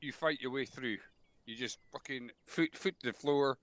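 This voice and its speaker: A man's voice: mid-range voice, normal speed, fairly bright tone, dry recording. Casting: man, game-unit instructor, blunt and sweary with jokes, headset voice chat, dry sound. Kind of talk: military briefing in a game.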